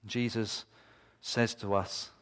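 A man's voice: on the low side, little pitch movement, slow pace, a bit bright, clear, resonant tone. A man preaching a sermon to his congregation, impassioned and building to fervent repeated cries. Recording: long reverb of a large hall.

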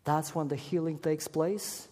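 Emphatic preacher in an echoing hall. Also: male voice, on the high side, steady tone, measured pace. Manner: emphatic, rising to loud peaks on key words. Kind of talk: sermon. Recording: echoey hall.

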